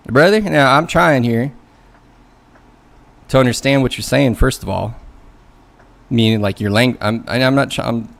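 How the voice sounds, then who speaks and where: Here the streamer speaks in a mid-range, creaky voice, a little slow and with frequent pauses. A man who runs coding learnalongs, he rants conversationally about a bad job interview, swearing and putting on mocking voices for the people he quotes.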